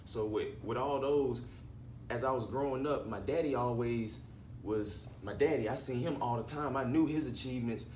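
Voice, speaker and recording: A man's voice: medium pitch, moderate pace, a little mellow, far from the mic. Male rapper guest, laid-back, profane storyteller, faint noise behind, roomy sound. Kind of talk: casual interview storytelling.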